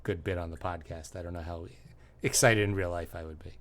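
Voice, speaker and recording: Low-voiced guy on a comedy podcast, dry deadpan delivery, pretty chill. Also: fairly quick. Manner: dry, low-key storytelling with deadpan sarcasm. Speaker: podcast co-host. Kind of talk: casual comedic chat.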